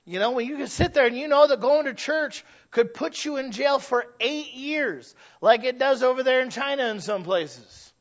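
A pastor preaches in a high-pitched voice, moving between easy conversation and emphatic points. He often restarts his sentences. The recording sounds dull and lo-fi. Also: animated, normal speed, hardly any pauses. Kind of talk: sermon.

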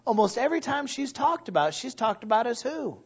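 A man preaching a sermon in a church, animated and quick to laugh as he talks to the congregation. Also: very high voice, slightly rough, lo-fi sound. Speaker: pastor.

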